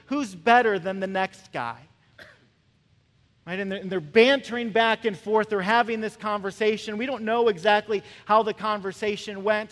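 A man delivers a conversational sermon, slipping into short acted voices as he tells his stories. His voice sits high for a man. The sound carries the long reverb of a large church hall. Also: fairly bright tone. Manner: conversational, acts out voices of characters. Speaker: pastor.

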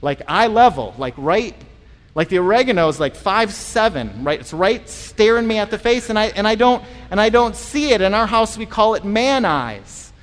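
A man delivers a sermon in a relaxed, conversational manner, often repeating a word as he finds his footing. His voice sits fairly high for a man. The recording has the long reverberation of a large hall. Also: moderate pace. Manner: conversational and animated, acting out voices in stories; repeats words when starting phrases. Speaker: pastor.

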